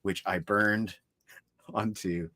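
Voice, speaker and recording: A co-host on a livestream chats enthusiastically about his CD collection, showing it off in lively collector talk. His voice is lowish and his pace slow.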